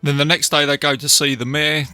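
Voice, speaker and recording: A man hosting a podcast, casually retelling a film with animated asides to his listeners. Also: on the high side, fairly quick, clear, resonant tone, no echo, soft background music. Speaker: podcast host reviewing a film. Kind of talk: casual film review talk.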